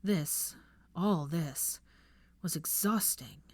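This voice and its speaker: A woman narrating a fan fiction story in a hushed, measured reading. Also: deep voice, breathy edge. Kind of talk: audiobook narration.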